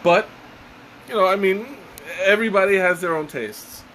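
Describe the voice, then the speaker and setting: A man casually reviewing a tea on a live stream, halting with many fillers and restarts. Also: high voice, a bit bright, a little hiss or hum, rough recording. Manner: hesitant, many fillers and restarts, chuckles often.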